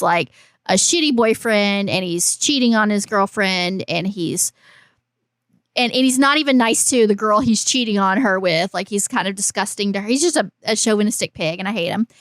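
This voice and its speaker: A woman co-hosts a horror podcast in casual chat, speaking at a medium pitch and moderate pace. The studio-quality recording has no echo, and her manner is teasing, argumentative and profane.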